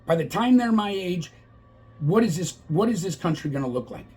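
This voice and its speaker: Middle-aged man, very husky, slightly higher-pitched, fired-up political vlog rant. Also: expressive, moderate pace, a little mellow, soft background music, rough recording. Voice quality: impassioned, exasperated. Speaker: vlogger.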